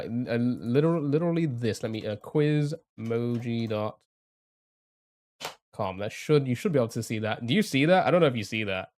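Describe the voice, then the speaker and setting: Chatty man streaming live. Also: mid-range voice. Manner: chatty, thinks aloud, talks to chat, laughs often. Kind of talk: casual live-stream commentary.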